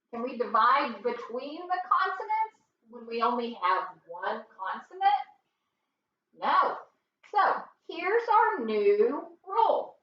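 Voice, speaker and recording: A high-pitched woman teaches a phonics lesson in a classroom, patient and encouraging, stretching her words out slowly. The recording sounds roomy and dull, captured from a distance, with slight background noise.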